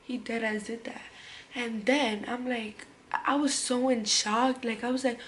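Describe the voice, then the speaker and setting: A young woman recounts a story for her vlog in loose, slangy speech, stumbling over fillers and restarts and now and then sinking to a whisper. Her voice sits a little high, with a faint hum of room noise behind it. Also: fairly even intonation, poor audio. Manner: casual, slangy, halting with many fillers and restarts. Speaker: vlogger.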